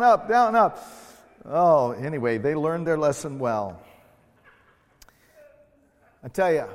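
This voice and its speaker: Middle-aged male preacher, fairly high voice, moves from booming to hushed; recorded with long hall reverb. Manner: dynamic preaching, swinging from loud exclamations to soft, intimate tones. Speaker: pastor. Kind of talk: sermon. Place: church sanctuary.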